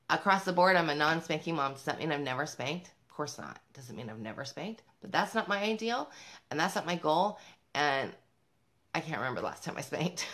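Here a parenting vlogger with a low, fairly bright voice talks to the camera. Upbeat and emphatic, she motivates fellow mothers by speaking to them directly, laughing between points.

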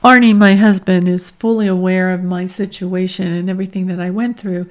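A woman's voice: lowish voice, fairly even intonation. A middle-aged woman hosting her own podcast as a career coach, speaking earnestly and from the heart in a reflective personal monologue. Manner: slow, earnest and heartfelt, with emotional emphasis.

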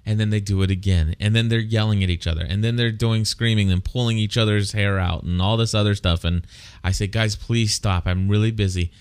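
A man's voice: on the low side, steady tone, fairly quick, clear, resonant tone. A middle-aged man, co-host of a faith-based parenting talk show, telling his own parenting stories in an earnest, confessional way.

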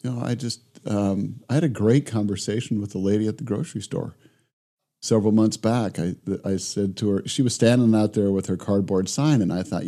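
A middle-aged man, a guest in a remote interview, telling stories in a lively conversational way and acting out both sides of his conversations. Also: lowish voice, fairly quick. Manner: animated storyteller who acts out both sides of conversations. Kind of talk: reflective conversational storytelling.

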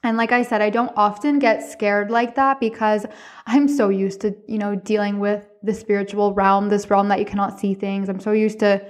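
A woman hosting a podcast, telling a personal ghost story in a chatty, animated way. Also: mid-range voice, normal speed. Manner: chatty, animated retelling with profanity. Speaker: podcast host. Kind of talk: casual storytelling monologue.

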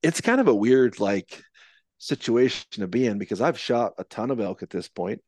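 A man's voice: mid-range voice, animated, moderate pace, a little mellow, no room sound. A man telling a long story in casual podcast conversation, rambling with many restarts and fillers. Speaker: podcast guest, elk hunter.

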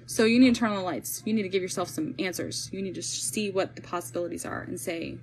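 A woman's voice: medium pitch, fast, few pauses, a little hiss or hum, poor audio. Bubbly young woman hosting a chat. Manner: bubbly, animated, laughs easily. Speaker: podcast host, birth coach. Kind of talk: casual live-stream chat.

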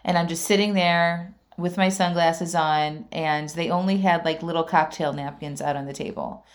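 Chatty woman with a lower voice. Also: fairly even intonation, moderate pace. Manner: chatty, lots of fillers and asides to listeners; laughs often mid-sentence. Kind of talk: casual personal storytelling.

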